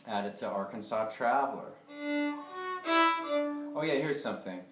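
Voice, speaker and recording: A man giving a casual fiddle lesson, talking in a relaxed, chatty way with lots of fillers. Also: lowish voice, moderate pace, over loud music. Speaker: fiddle teacher. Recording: echoey room with fiddle playing.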